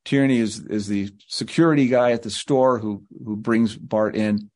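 A man's voice: on the low side, moderate pace, a little mellow. A male guest author telling rambling anecdotes in an interview, slipping into quoted voices.

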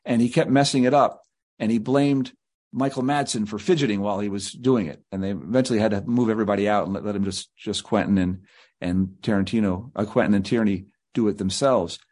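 A man's voice: fairly low pitch, a little fast, darkish tone. A male guest author telling rambling anecdotes in an interview, slipping into quoted voices.

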